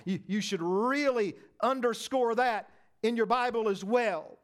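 A man preaching a sermon, emphatic, with loud peaks, quiet asides and folksy humor. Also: very high voice, a little slow.

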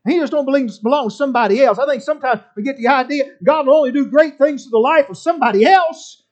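High-voiced man preaching fervently. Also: quick pace. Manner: fervent, emphatic preaching with big swings in loudness. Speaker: pastor. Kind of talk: sermon. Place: church service in the evening. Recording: dull lo-fi sermon recording.

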